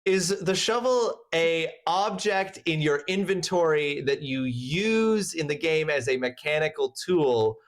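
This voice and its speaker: Halting, laughing male stream host. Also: fairly high pitch, animated. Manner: laughs often, halting restarts. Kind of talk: casual livestream chat.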